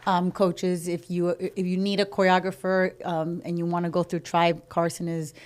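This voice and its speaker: A woman with a low, flat voice co-hosts a casual podcast. She talks about her dance team in a steady, even way and adds supportive comments. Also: moderate pace. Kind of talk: casual chat.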